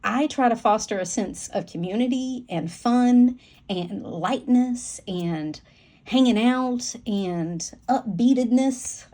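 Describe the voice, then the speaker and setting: With a warm, higher-pitched voice and a Southern American accent, a woman chats to camera about her planner. She's a planner vlogger, folksy and candid, with plenty of fillers.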